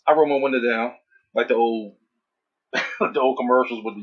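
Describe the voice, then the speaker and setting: Male co-host in his thirties, husky, dull lo-fi sound, animated and profane in casual talk. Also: medium pitch, normal speed. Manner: animated storytelling with heavy swearing. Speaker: podcast co-host. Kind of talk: casual chat. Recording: dull lo-fi audio.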